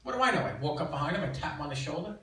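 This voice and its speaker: An older man performing a stand-up comedy set, delivering deadpan punchlines with filler-laden pauses in a comedy club. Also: on the high side. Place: comedy club stage with audience laughter. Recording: echoey club audio, distant, loud crowd.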